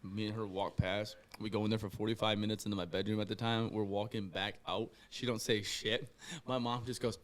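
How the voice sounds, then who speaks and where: A young man telling rowdy stories in a casual podcast chat, doing loud mocking voices when he quotes people. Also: fairly low pitch, level tone, brisk. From Ohio. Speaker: podcast guest.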